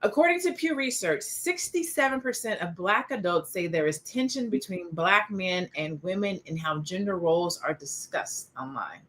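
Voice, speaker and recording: A woman hosting a casual discussion show, animated and opinionated, who reads out stats and tells stories about herself. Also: on the low side, normal speed, hardly any pauses. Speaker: podcast host.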